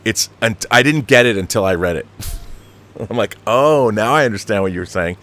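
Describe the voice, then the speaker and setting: A middle-aged man with a lowish voice hosts a casual live stream a little fast, reading viewer comments out loud. He reacts with animation, often restarting his sentences, laughing, and swearing when annoyed.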